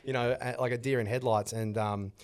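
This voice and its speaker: A man, a guest impressionist chatting casually and telling animated stories. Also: medium pitch, fairly quick. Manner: animated storytelling, slips into voices. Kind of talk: casual podcast chat.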